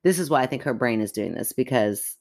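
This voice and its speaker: A woman co-hosting a podcast, reading a listener's story aloud in an animated, chatty way and breaking off to react. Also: rumbling low, a little fast. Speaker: podcast co-host.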